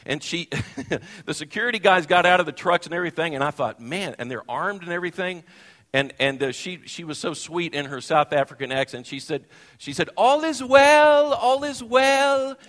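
A male pastor telling a funny personal story in a sermon, animated and self-deprecating. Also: fairly high pitch, a little fast. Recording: long hall reverb.

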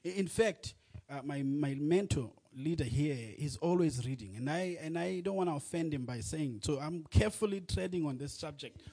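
A man delivers a sermon from the pulpit through a church microphone. His voice sits high for a man. He speaks earnestly and swells into loud, emphatic declarations. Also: expressive, normal speed. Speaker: preacher. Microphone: microphone on a church sound system.

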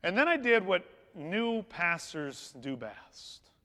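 Male pastor, high voice, conversational storytelling sermon, church reverb. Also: very animated, slow. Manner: conversational, anecdotal, warm humor. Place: church sanctuary. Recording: long hall reverb in a church.

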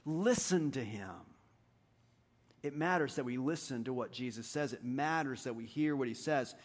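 A man preaching a sermon, telling stories in an animated, self-deprecating way and swinging between hushed and loud delivery. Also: medium pitch, fairly quick. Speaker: pastor. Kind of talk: sermon with storytelling.

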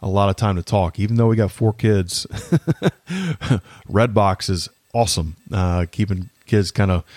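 A podcast host in his thirties offers faith-based personal reflection, his low voice steady and somewhat dark. He talks earnestly, stopping and restarting often and using many fillers. There is no room echo; the sound is dry and close.

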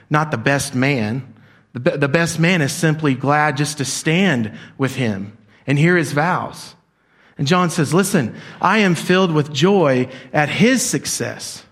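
A middle-aged man preaching a sermon to a congregation in a church, shifting between soft, low emphasis and louder, excited passages, and leading call-and-response. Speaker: pastor.

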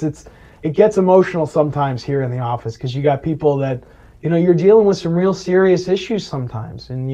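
Earnest higher-voiced man, dull audio. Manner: earnest, animated retelling of client stories. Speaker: Medicare planner. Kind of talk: interview storytelling.

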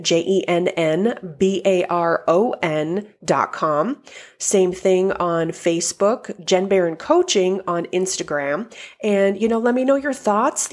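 Gentle, reassuring woman podcast host. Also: medium pitch. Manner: gentle, reassuring, conversational with fillers; soft cooing voice for calming her dog. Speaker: life coach and podcast host. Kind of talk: casual solo podcast talk.

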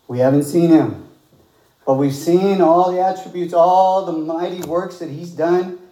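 A male preacher delivers an emphatic sermon, hammering points home by repeating them. His voice sits high and swings widely in pitch. The sound carries a noticeable room echo. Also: mellow. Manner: emphatic, repeats for stress, scripture reading.

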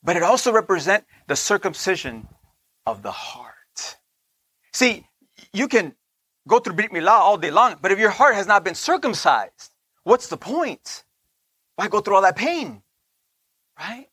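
A man giving a conversational sermon, often checking in with listeners with "right?", slowing down on key points and dropping into soft asides. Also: high voice, sing-song, breathy edge, dry recording. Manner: slows down to stress points, laughs between lines. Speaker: teacher of a Torah portion.

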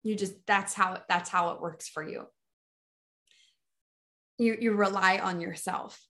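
A woman's voice: medium pitch, steady tone, unhurried, pushed and bright. A woman business coach giving a motivational solo talk in an enthusiastic, emphatic way, often restarting phrases.

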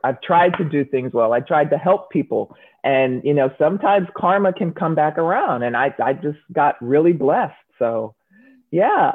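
She has a deep, slightly rough voice, this former Olympic shot putter, and she tells stories in her interview answers with animation, giving voice to the people in them. The recording sounds narrow and phone-like.

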